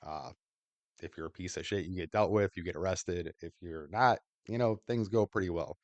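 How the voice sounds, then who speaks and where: A man's voice: low voice, normal speed, no room sound, dull audio. A man hosting a podcast, talking bluntly and crudely in casual commentary over video clips. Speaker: podcast host.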